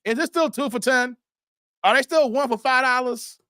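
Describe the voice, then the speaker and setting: A man's voice: very high voice, normal speed, sharp tone, smooth, dry recording, studio quality. A man hosting a casual live stream, reading viewer comments aloud and laughing often.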